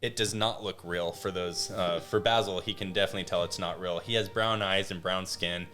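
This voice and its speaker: A man's voice: sits low, fairly even intonation, a little fast, bright, forceful tone. A man narrating a tabletop game as game master, casual and full of restarts. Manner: casual, many fillers and restarts.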